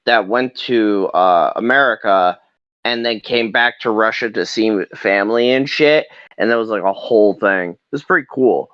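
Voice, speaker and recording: A man's voice: fairly low pitch, normal speed, fairly bright tone, dull audio. A man in casual podcast chat, giving brief, agreeable replies.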